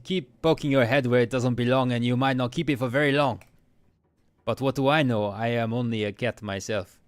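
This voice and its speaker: A man's voice: mid-range voice, a little fast, clean tone, dry recording, lightly acted. A man putting on a snobbish French house cat. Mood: menacing. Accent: put-on French. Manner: sneering and theatrical.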